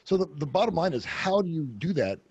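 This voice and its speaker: Brief: brash guest, man, husky voice, a bit high, dry close mic, frank and profane. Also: sing-song, brisk, a little mellow, highs cut off. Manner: brash, profane, storytelling with many fillers. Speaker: podcast guest. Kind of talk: candid casual interview talk. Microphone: close podcast mic.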